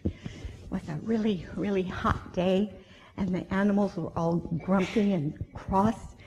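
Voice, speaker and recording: A woman telling a children's story in church, expressive, with dramatic gasps and whispers. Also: medium pitch, measured pace, highs cut off, noisy background. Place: church sanctuary.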